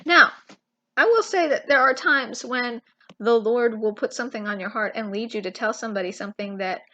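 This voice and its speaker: A woman giving an informal, impassioned Bible teaching, emphatic and full of pauses and restarts. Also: on the high side, pushed and bright, highs cut off. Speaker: Christian teacher.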